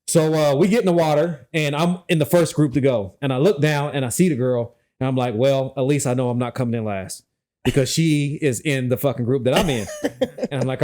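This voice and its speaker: A man telling a funny personal story in a casual chat, animated, laughing often and swearing freely. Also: mid-range voice, fairly quick. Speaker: guest, former Secret Service officer.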